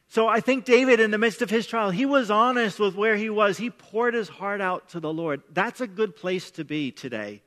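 A man's voice: sits high, moderate pace, hardly any pauses, pushed and bright. A middle-aged man preaching a sermon as pastor, speaking in an emphatic, conversational way and often repeating words as he starts sentences. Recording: long reverb of a large hall.

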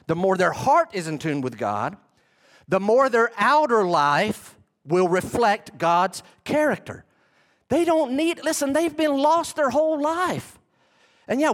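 A man preaching a sermon as a pastor, in a conversational way with emphatic bursts and asides. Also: high-pitched.

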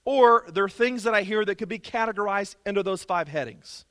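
A man's voice: high-pitched, a little fast, fairly bright tone, clean tone, no echo, studio quality. A man preaching a sermon as pastor, emphatic and conversational, repeating key phrases for stress.

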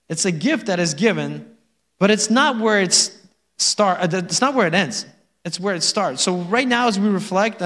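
Pastor, male, higher-pitched voice, casual joking preaching style, long hall reverb. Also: a bit bright. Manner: conversational and joking, with frequent laughs and "amen?". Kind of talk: sermon. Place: church sanctuary.

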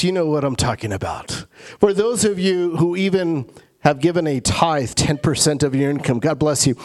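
A man preaching as pastor of his church, emphatic, repeating key phrases and slowing down to stress them. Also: fairly high pitch, darkish tone. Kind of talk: sermon.

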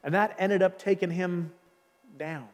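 A man preaching a sermon with passion, using repetition and dramatic pauses. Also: sits high, steady tone, big-room sound. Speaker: pastor.

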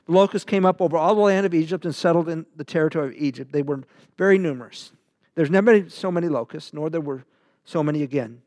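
A man preaching a verse-by-verse Bible sermon, animated and full of rhetorical questions, dropping from loud to hushed. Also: on the high side, no echo, studio quality.

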